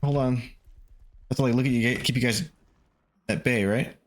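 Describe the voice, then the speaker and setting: A man's voice: medium pitch, brisk. A man streaming a game live, talking through it with constant swearing and panicky outbursts. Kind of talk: live gameplay commentary.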